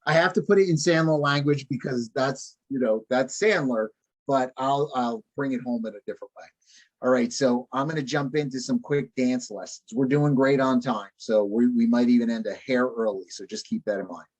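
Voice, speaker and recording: A man's voice: medium pitch, steady tone, normal speed, highs cut off. A man leading a live online sales training session, repeating key points emphatically and checking in with his trainees.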